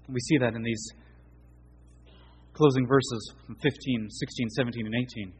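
Husky-voiced male preacher. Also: medium pitch, steady tone, normal speed, rough recording. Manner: earnest preaching, swelling and dropping in volume. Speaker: pastor. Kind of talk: sermon.

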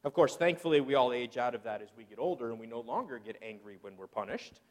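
A middle-aged man preaching a sermon as pastor, animated and acting out people's excuses in quoted voices. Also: mid-range voice, quick pace, big-room sound.

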